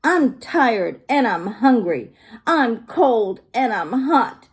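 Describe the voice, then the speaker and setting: A woman's voice: fairly high pitch, big pitch swings, slow, breathy edge, full character voice. A woman voicing a grumpy parrot that copies everything it hears, in a children's storybook reading. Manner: loud, mimicking.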